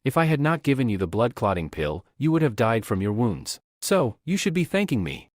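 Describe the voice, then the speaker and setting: A man voicing a confident young male alchemist hero who speaks in a calm, matter-of-fact way. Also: mid-range voice, brisk, no room sound, studio quality.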